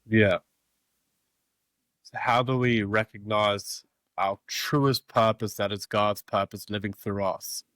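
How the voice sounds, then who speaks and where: A male host conducts a spiritual interview. He backs up his guest with short affirmations and poses thoughtful questions. His voice is somewhat low, and the recording is dry and close. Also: steady tone, slow, pauses often, a bit bright, dry recording. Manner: affirming, asks reflective questions. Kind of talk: conversational interview.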